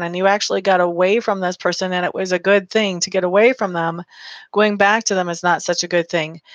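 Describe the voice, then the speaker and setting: A woman's voice: mid-range voice, no room sound. A woman giving a live-streamed tarot reading, chatty and affectionate, calling listeners honey and reading out viewer comments. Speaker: tarot reader.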